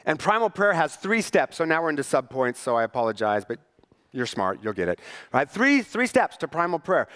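A pastor preaching a sermon in church, conversational and wry, with rhetorical questions to the congregation. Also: male voice, on the high side, very animated, brisk, a bit bright, long reverb tail. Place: church sanctuary.

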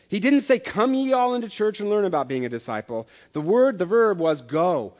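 A middle-aged pastor with a drawl delivers a sermon to his congregation. His voice sits high for a man, and he moves easily between light, joking stories and earnest teaching. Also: big pitch swings, fairly quick, few pauses. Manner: conversational storytelling with humor.

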